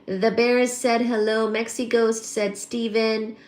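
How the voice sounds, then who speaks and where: A woman hosting a casual live stream, chatting and greeting viewers by name with excited exclamations. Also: a little high, slow pace, echoey room. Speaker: livestream host.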